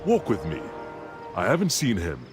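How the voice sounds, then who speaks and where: A man voicing a measured, grateful town mayor in a video game. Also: sits low, huge pitch swings. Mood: earnest. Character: steady middle-aged male town mayor. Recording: game dialogue over music.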